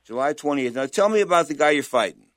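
A man's voice: fairly high pitch, animated, fast, a bit bright, no room sound, clean studio sound. A man hosting a talk radio boxing show, chatty and boastful, hyping up his guests. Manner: boastful, chatty, hype-driven.

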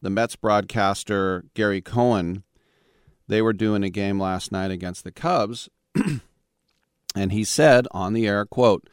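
A man's voice: fairly low pitch, slow, clean tone, no room sound, clean studio sound. A man in his fifties from the Bay Area, hosting a sports talk radio show in a wry, rambling monologue with sarcastic asides. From San Francisco Bay Area.

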